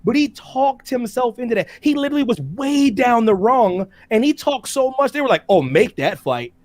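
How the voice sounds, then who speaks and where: A man co-hosting a casual debate show, animated, talking about fighters and slipping into quick impressions of them. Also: no room sound. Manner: animated, swings loud and high when excited; impersonates fighters mid-talk.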